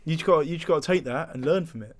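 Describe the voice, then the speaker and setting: Fast-talking easygoing young Englishman. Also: a little high, dry recording. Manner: easygoing, pushes back calmly. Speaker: podcast guest. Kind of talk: casual chat.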